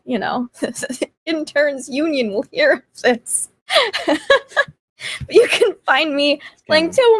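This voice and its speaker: A woman's voice: on the high side, fairly bright tone, no echo. A woman player chatting casually and bubbly over a video call about a tabletop session. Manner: bubbly, giggly. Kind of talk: casual chat.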